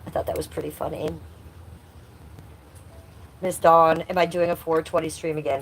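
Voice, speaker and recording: A woman's voice: deep voice, flat delivery, normal speed, long pauses, a little hiss or hum. Blunt woman in her fifties, livestream host. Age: 50s. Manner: blunt, swears at rude chatters; sing-song baby talk to her cat. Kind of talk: casual livestream chat.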